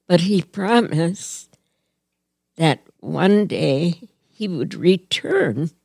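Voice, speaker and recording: An older woman from Hawaii slowly telling a personal story from her childhood, with an earnest, gently reflective manner. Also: lowish voice, lively intonation, vocal fry, husky, no room sound, studio quality. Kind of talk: personal reminiscence.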